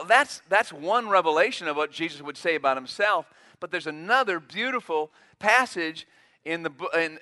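A man's voice: high voice, bright, forceful tone. A man preaching a sermon, emphatic, acting out quotes in a raised voice. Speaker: pastor.

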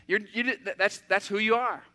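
An older man preaching a sermon, animated and acting out everyday scenes with sudden loud outbursts. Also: high voice, fairly quick. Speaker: pastor.

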